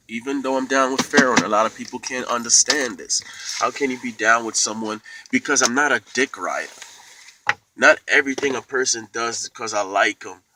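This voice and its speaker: A man's voice: mid-range voice, pushed and bright, recorded from a distance, a little hiss or hum, poor audio. A man giving a blunt, profane and rambling opinion monologue to camera, with many fillers and asides. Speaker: YouTuber giving commentary.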